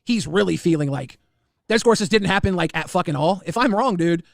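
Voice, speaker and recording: Fast-talking man with a high voice. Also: expressive, creaky, no echo, studio quality. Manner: rapid, repetitive restarts. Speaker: guest recounting drama. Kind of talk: casual storytelling.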